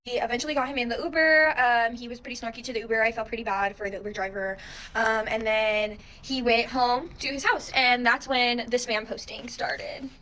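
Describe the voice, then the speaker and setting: A young woman telling a wild personal story in a casual monologue, animated, exasperated and full of swearing. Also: a little high, brisk, a little hiss or hum, rough recording. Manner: animated, profane, exasperated retelling.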